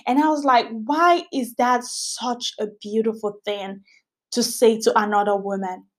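A woman's voice: on the high side, fairly even intonation, a little slow. A woman hosting a Bible study podcast, reading scripture aloud and teaching in a casual, earnest way, often repeating phrases for emphasis.

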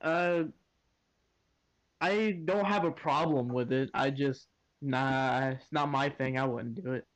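A man's voice: mid-range voice, slow, no room sound, low-quality recording. A teenage boy co-hosting a casual podcast, giving short, dismissive answers. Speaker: podcast co-host.

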